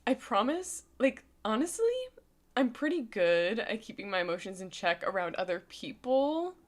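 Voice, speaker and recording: A woman in her twenties telling a personal story, emotional and casual, her voice going shaky and soft at times. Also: medium pitch, very animated, normal speed. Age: 20s. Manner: emotional, voice goes shaky and soft, casual filler-heavy talk. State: close to tears. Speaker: vlogger.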